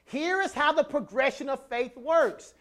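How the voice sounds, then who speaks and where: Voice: high-pitched, measured pace. Emphatic preacher who repeats key phrases. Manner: builds from quiet to loud passages; stammers and restarts on phrases. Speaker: pastor. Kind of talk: sermon.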